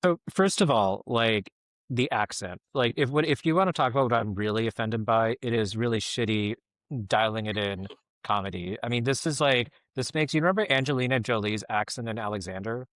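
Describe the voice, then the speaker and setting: A man's voice: mid-range voice, fairly quick, a bit bright, no room sound, clean studio sound. A middle-aged man giving casual podcast commentary, rambling and filling his talk with "like, you know".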